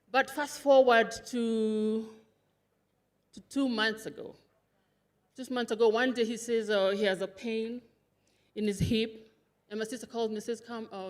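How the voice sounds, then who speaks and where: A woman giving an emotional funeral tribute, rambling and tearful, with laughter breaking through. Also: on the high side. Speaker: eulogy speaker, sister of the widow.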